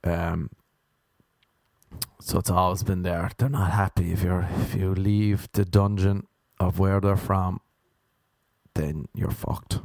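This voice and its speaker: A man's voice: low-pitched, level tone, slow pace, gravelly, pauses often, a little mellow, dry recording, clean studio sound. A young Irish man telling rambling, sweary, self-mocking stories in a casual monologue, acting out other people's voices as he goes. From Ireland.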